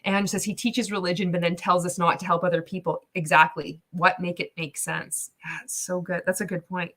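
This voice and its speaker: A woman's voice: lowish voice, level tone, a little fast, fairly bright tone. A woman hosting a casual live-stream reaction, sarcastic, swearing freely and laughing often as she comments. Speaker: livestream reaction host.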